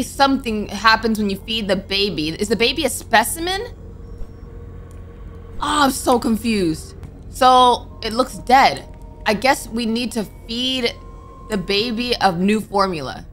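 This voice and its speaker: A woman's voice: a little high, slow pace, long pauses, fairly bright tone. A young woman commenting on her gameplay, talking to herself and jumping with nervous exclamations, with game music behind her. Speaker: gaming streamer.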